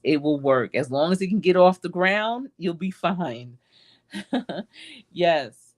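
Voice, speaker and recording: A woman hosting a casual live stream, talking in a chatty, reflective and encouraging way and acting out quoted asides. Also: a bass voice. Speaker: host.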